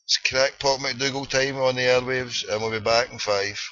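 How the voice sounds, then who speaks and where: A man's voice: medium pitch, fairly even intonation, normal speed, pushed and bright, a little hiss or hum. A Scottish man hosting a late-night internet radio show, ranting and joking in slangy banter. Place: small cold room at home. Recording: dull lo-fi online radio stream.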